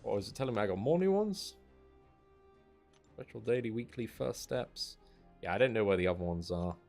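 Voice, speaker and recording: A man's voice: on the low side, animated, normal speed, creaky, a little mellow, faint music behind. A man casually commenting on a game he is playing live, chatty and self-deprecating. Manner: chatty, self-deprecating, says mate and dude a lot. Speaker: game streamer.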